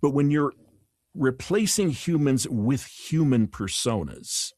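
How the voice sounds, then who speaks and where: Male host, casual musing delivery, dry room, mid pitch. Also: expressive, slow pace, darkish tone, no echo. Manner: thoughtful, with restarts. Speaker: podcast host. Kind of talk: casual conversational podcast.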